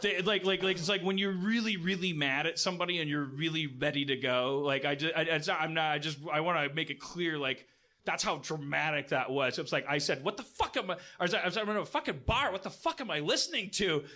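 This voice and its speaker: A man's voice: fairly high pitch, brisk, bright, forceful tone. A man hosting a podcast, telling a comic story in a profane, self-deprecating way with lots of stammering restarts. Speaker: podcast host.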